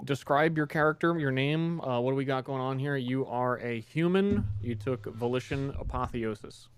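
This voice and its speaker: A man's voice: mid-range voice, normal speed, clear, resonant tone. A man running a tabletop game as game master, casually asking his players questions. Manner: easygoing, asks players questions.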